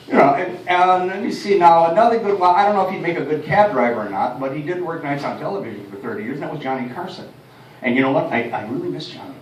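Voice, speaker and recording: A Detroit man does a chatty, self-deprecating stand-up routine, chuckling at his own jokes. His voice sits on the high side and moves fast. The recording is roomy, with a distant mic and faint ambience.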